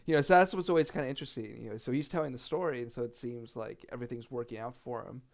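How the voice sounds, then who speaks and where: A man's voice: medium pitch, racing, vocal fry. A man co-hosting a podcast in casual chat, easygoing and teasing, rambling with fillers and restarts. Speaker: podcast co-host.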